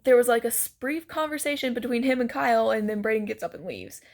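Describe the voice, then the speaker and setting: A vlogger tells a story to her camera while sick, chatty and giggly, peppering it with "like" and "so basically." Her voice is a little high, expressive, and fast.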